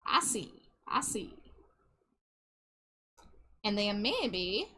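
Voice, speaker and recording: A woman's voice: mid-range voice, sing-song, very slow, sharp tone, slight background noise. A woman streamer chatting casually while she draws, muttering to herself as she works. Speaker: streamer and digital artist. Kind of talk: casual livestream chat while drawing.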